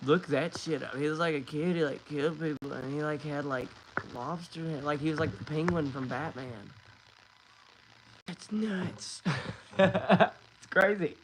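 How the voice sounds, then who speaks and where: A man's voice: on the high side, a little slow, slight background noise. A man hosting a livestream, chatting casually, swearing and laughing between rambling remarks. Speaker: livestream host.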